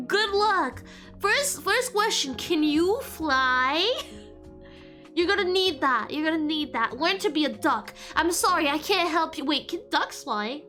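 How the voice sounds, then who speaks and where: Super high bright girly voice, giggly streamer lady chatting w chat, lofi music faint behind. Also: very animated, slow. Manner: giggly and playful, reacting to chat. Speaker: VTuber streamer. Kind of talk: casual livestream chat with viewers. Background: faint lo-fi background music.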